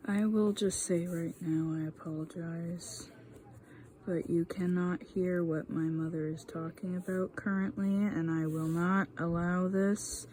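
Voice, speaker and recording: A woman's voice: fairly low pitch, fairly even intonation, a little slow, warm tone, a little hiss or hum. Exasperated young-sounding woman on a phone mic. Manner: sarcastic, exasperated, apologetic. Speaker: art vlogger. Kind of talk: speedpaint commentary. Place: house, indoors.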